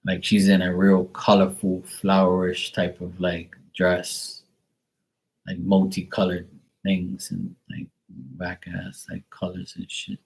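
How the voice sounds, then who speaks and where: A young man with a very low, deep voice gives a live psychic reading. He talks in a loose, rambling way, piling up fillers and casual swear words as he searches for the right phrase. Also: monotone, slow, vocal fry, a little mellow. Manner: rambling, hesitant, filler-heavy with mild profanity. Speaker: psychic tarot reader.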